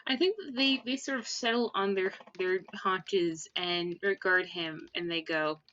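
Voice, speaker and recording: Woman gm narrating a tabletop game, thoughtful with lots of ums, middle pitch, dull audio. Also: measured pace, hardly any pauses, a bit bright. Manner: thoughtful, descriptive, with fillers. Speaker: game master.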